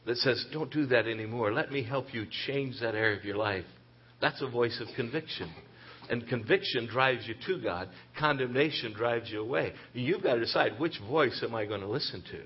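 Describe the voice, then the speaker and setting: A man preaching a sermon as pastor in a church, impassioned, rising to loud emphatic peaks and dropping soft, repeating phrases and quoting voices dramatically. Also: medium pitch, dull audio.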